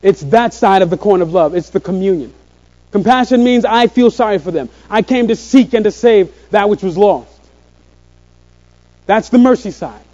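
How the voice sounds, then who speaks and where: High-voiced preacher, mellow and dull. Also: male voice. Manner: earnest, slows on key phrases. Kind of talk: sermon. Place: room with a congregation.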